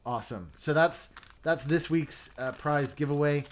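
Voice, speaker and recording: A man's voice: fairly high pitch, measured pace, slight background noise. Chatty man hosting a livestream. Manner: chatty, reads out viewer comments, many fillers and restarts. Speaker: livestream host. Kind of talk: casual live chat.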